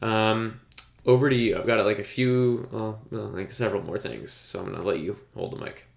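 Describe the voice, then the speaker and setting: A man's voice: lowish voice, steady tone, normal speed, creaky, roomy sound. A man co-hosting a casual podcast chat, rambling and enthusiastic, with lots of fillers. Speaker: podcast co-host.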